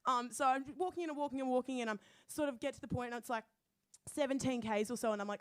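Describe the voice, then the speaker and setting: High-voiced Australian woman telling a story. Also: fast, clear, resonant tone, dry recording. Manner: animated, swearing, quoting herself. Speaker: storyteller guest. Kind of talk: comic personal storytelling.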